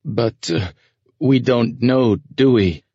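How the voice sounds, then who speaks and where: A man's voice: mid-range voice, takes it slowly, warm tone, husky, no room sound, dull audio, voice pushed up. A man voicing a nervous young soldier who answers cautiously and hesitantly. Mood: uneasy. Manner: hesitant, uncertain.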